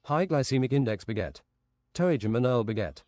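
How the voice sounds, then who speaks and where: Streamer guy reading silly phrases deadpan, normal pitch, dry close mic. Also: brisk, no echo. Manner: deadpan, rhythmic listing of nonsense phrases. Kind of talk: reading out an absurd list.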